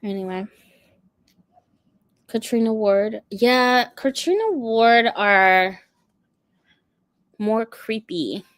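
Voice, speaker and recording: A woman's voice: a little high, extremely slow, long pauses, dry recording, clean studio sound. A woman hosting a book channel, chatting casually and animatedly with frequent laughter. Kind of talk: casual livestream chat.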